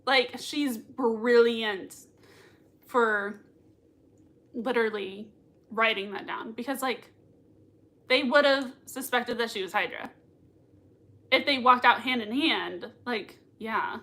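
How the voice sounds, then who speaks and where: Bright-voiced, gushing woman reacting live. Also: a little high, takes it slowly, pauses often. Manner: gushing and excitable, laughs often. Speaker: livestream reaction host. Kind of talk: live watch-party reaction, reading chat.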